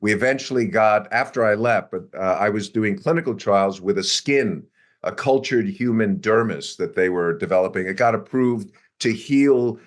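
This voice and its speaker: Older man spinning a lively anecdote. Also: on the low side, moderate pace. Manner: animated anecdote-telling with acted-out quotes and chuckles. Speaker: interview guest, biotech executive. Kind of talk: conversational storytelling.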